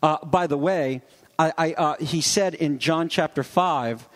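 A man preaching a conversational sermon as a pastor, acting out quoted voices with lively shifts. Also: fairly high pitch, measured pace, long reverb tail.

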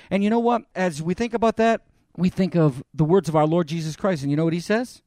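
A man's voice: high-pitched, brisk, hardly any pauses, darkish tone, dry recording, clean studio sound. A male pastor preaching a sermon in an earnest, conversational way, speaking directly to his congregation.

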